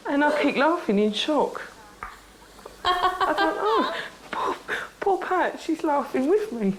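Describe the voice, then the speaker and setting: A woman's voice: high-pitched, big pitch swings, slow pace, long pauses, a little hiss or hum, rough recording. A woman talking in a documentary interview as a patient's relative, speaking bluntly and emotionally and swearing at times.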